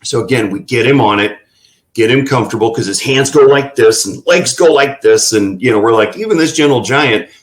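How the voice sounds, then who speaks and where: A man's voice: mid-range voice, fairly quick, poor audio. A man telling folksy anecdotes in a casual interview, with plenty of fillers. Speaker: ranch representative.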